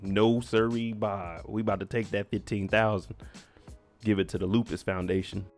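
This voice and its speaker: A man's voice: fairly low pitch, little pitch movement, normal speed, faint music behind. A man giving a chatty, slangy, opinionated recap of a TV episode. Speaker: TV recap vlogger. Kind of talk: casual recap commentary.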